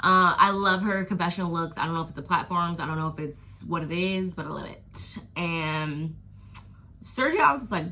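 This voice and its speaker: A woman's voice: lowish voice, animated, moderate pace, bright, forceful tone. A woman casually recapping a reality TV episode in a chatty, slangy way, laughing and acting out her own reactions.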